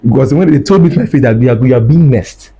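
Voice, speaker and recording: A man tells his story in a husky, mellow voice. He circles back and repeats his phrases, and he acts out what people said. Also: medium pitch, animated, fast, poor audio. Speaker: guest recounting his ordeal. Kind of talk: emotional first-person storytelling.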